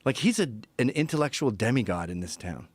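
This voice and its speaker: A man's voice: mid-range voice, sing-song, fairly quick, dry recording. A man answering interview questions in a blunt, profane way.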